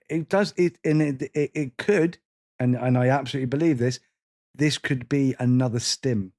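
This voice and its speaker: A man's voice: mid-range voice, mellow. A middle-aged man co-hosting a podcast, talking openly and emotionally in casual chat, often restarting his sentences. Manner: open, emotional, rambling with restarts. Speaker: podcast co-host.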